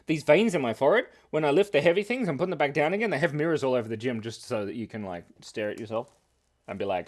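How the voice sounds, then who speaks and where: A man's voice: mid-range voice, lively intonation, quick pace. A man in his thirties, a cartoonist hosting a casual live stream, rambling and giggling as he reads the chat at his computer. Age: 30s. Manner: rambling, giggly and playful, often laughing.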